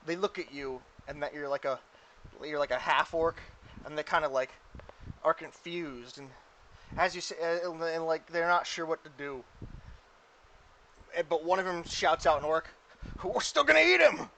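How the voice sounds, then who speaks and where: A man's voice: fairly high pitch, fairly even intonation, moderate pace, pauses often, a bit bright, a little hiss or hum. A man narrating a tabletop game as game master, rambling casually with lots of "like.". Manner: rambling, full of "like" fillers.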